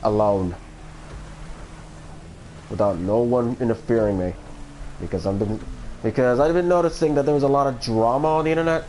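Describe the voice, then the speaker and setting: A man's voice: mid-range voice, moderate pace, pauses often, darkish tone, a little hiss or hum. Brief: man, casual streamer, meandering, full of fillers and restarts. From Florida. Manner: rambling and hesitant, many fillers and restarts. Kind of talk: casual livestream chat.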